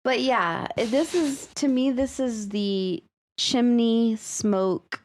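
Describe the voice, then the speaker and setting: A woman co-hosting a podcast, chatting casually and laughing often while talking about a story. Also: on the high side. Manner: unhurried, drawn out, laughs often. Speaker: podcast co-host.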